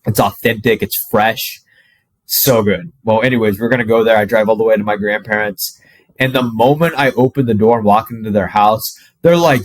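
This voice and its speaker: A low-voiced man in his twenties talks straight to camera, swearing freely and leaning on "like". The sound is close and dry, with no room around it. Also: fairly quick, no room sound. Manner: profane, animated, heavy use of "like". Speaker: fitness coach. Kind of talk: casual storytelling to camera.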